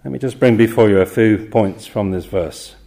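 A man preaching an evening sermon, earnest and emphatic, posing rhetorical questions and slowing down to quote scripture. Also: lowish voice, vocal fry, mellow.

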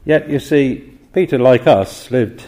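Earnest preacher, measured and emphatic. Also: male voice, medium pitch, warm tone. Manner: earnest, emphatic, rhetorical questions, slows for scripture quotes. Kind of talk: evening sermon.

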